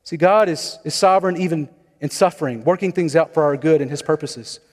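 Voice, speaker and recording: A man's voice: a little high, brisk, big-room sound. A man preaching a sermon as pastor, in a conversational style with storytelling asides.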